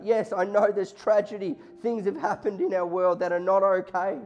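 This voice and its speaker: Impassioned preacher, man, slightly high voice, soft music under him. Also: flat delivery, normal speed. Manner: impassioned, voicing God and listeners in quotes. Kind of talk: sermon. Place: church hall before a congregation. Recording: faint music behind.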